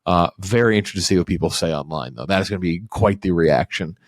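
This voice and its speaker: Low-voiced male host, dry sound, loose rambling delivery full of fillers. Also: fast talker, no room sound. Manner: rambling, many fillers and restarts; swears casually. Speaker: podcast host. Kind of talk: casual chat.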